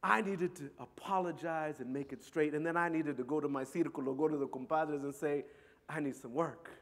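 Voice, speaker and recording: A middle-aged man telling a personal story to an audience in an earnest, halting way, often repeating words. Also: fairly high pitch, steady tone. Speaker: speaker. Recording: long hall reverb.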